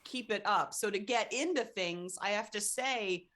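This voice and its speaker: A woman's voice: mid-range voice, a little slow, a bit bright. A woman from the Philadelphia area co-hosting a casual podcast chat, speaking enthusiastically and laughing often. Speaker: podcast co-host.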